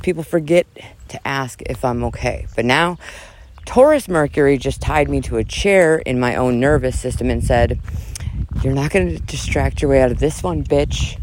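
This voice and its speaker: A man reading a dramatic, profane rant and breaking off into casual asides, switching between loud mock yelling and quieter talk. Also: medium pitch, a little hiss or hum.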